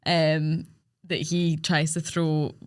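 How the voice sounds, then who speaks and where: A woman, co-hosting a podcast and chatting about a film in a lively, amused way. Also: low voice, slow pace, dry recording, studio quality. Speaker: podcast co-host. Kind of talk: casual chat.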